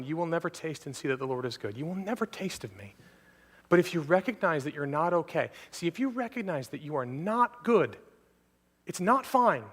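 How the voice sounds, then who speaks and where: A man's voice: on the high side, fairly bright tone. A man preaching a sermon as pastor, speaking earnestly and addressing listeners directly again and again. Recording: long hall reverb from a church.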